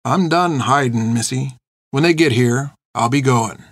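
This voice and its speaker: A weary old man speaks slowly and gently, with plain dialect phrasing and a quiet resolve, as a man reads him in an audiobook. The sound is dry and close-miked. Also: fairly high pitch, dry recording, voice pushed up. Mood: calm. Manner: slow, calm, rural dialect phrasing. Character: old freed man, calm and resigned.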